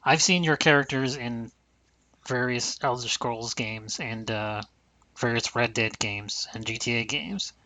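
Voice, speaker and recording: A man's voice: medium pitch, measured pace, pushed and bright, no echo. A man hosting a casual podcast, talking bluntly and profanely in long rambling runs. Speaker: podcast host.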